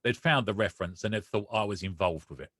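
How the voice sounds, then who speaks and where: A man's voice: lowish voice, fast, dry recording, clean studio sound. A man, a podcast guest, telling a personal story with feeling and acting out the conversations he recalls. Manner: emotional, animated retelling with quoted dialogue.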